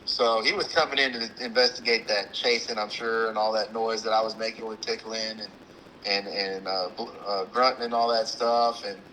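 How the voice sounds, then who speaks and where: A man, co-hosting a hunting show, telling an animated story with acted-out quotes and sounds. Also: fairly low pitch, normal speed, slight background noise, poor audio. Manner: animated, acts out the scene with quoted lines and sound imitations. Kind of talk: casual storytelling chat.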